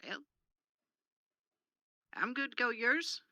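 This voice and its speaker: A woman playing in a tabletop game, lively and wry. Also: on the high side, takes it slowly, no room sound. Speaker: player. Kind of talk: tabletop role-play chat.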